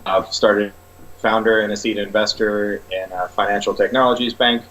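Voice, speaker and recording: A man who works as a business consultant, describing his career in a relaxed, casual interview. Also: on the low side, normal speed, poor audio.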